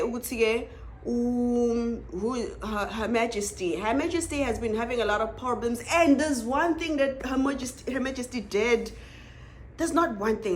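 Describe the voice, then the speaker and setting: Female vlogger, South African accent, high voice, animated and gossipy delivery. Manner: animated, laughs often, exclaims. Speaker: TV reviewer. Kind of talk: casual review vlog.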